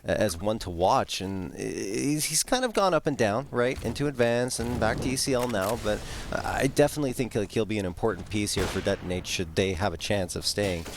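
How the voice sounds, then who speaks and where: A man's voice: on the low side, expressive, a little fast, hardly any pauses, slight background noise. Chatty male esports analyst. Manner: chatty and easygoing, full of fillers like you know. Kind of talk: live esports color commentary.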